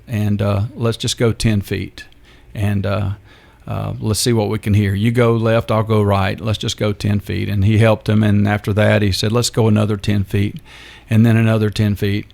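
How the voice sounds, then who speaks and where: An older man, a radio guest telling his story in a halting, unhurried way. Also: lowish voice, flat delivery, vocal fry, darkish tone. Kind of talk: interview storytelling.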